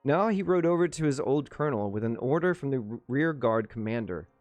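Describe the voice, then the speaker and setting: Male livestream reader, mid pitch, dry close sound, plain narration with chatty asides. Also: lively intonation, a little fast, a little mellow, dry recording, muffled recording, soft background music. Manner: casual asides to chat, small restarts. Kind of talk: reading a novel aloud with chat asides.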